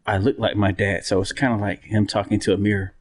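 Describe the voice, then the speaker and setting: A man's voice: on the low side, level tone, fast talker. Rambling, profane male podcast co-host. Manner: rambling, profane, with many restarts and impressions. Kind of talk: casual chat.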